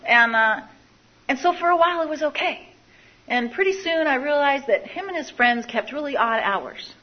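A woman's voice: sits high, moderate pace, muffled recording. A woman telling her own life story to an audience, candid and confessional, often repeating phrases. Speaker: speaker sharing a recovery story. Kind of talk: personal testimony to an audience.

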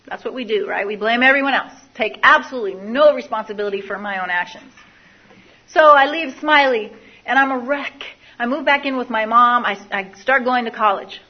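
Candid woman, muffled and higher-voiced. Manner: candid, confessional, repeats phrases. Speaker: speaker sharing a recovery story. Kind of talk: personal testimony to an audience.

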